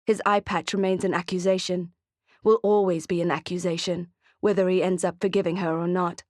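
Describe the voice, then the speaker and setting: A woman narrating an audiobook thriller in a steady, expressive reading. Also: fairly low pitch, a little fast, dry recording, clean studio sound. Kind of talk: scripted narration.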